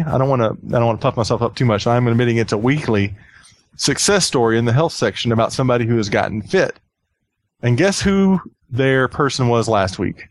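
A man's voice: medium pitch, dry recording. A man hosting a podcast in easy casual chat. He often repeats himself and laughs along as he talks. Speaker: podcast host.

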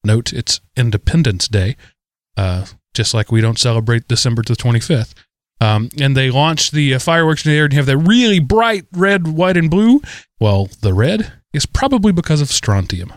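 A middle-aged man chats casually on a podcast. He rambles and corrects himself as he goes, and his voice sits at an ordinary pitch. The recording is dry and close. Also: expressive, normal speed, dry recording. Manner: rambling, self-correcting storyteller. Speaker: podcast co-host. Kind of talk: casual chat.

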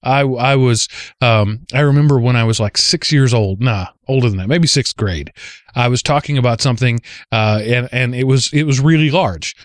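An animated man from the Southern United States hosts a casual podcast and tells stories with lively jumps in pitch. His voice is close-miked and dry, with an ordinary middle pitch. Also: normal speed, dry recording. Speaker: podcast host.

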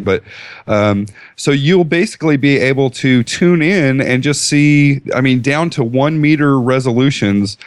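Male podcast co-host, casual and rambling, mid-pitched voice, dry close recording. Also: smooth, dry recording. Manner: rambling, self-correcting, chuckling. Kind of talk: casual chat.

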